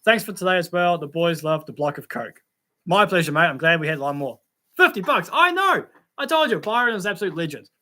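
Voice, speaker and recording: Australian man, livestream host, casual rambling chat, bright voice. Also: on the high side, expressive, fast. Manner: laid-back, reads chat comments aloud and rambles into stories.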